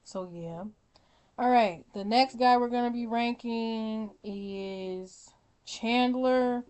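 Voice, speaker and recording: A young woman vlogger giving casual, opinionated commentary, animated and blunt, often laughing and swearing. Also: fairly high pitch, slow pace, clear, resonant tone. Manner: animated, swears, laughs often, mimics her own reactions. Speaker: vlogger ranking reality show contestants.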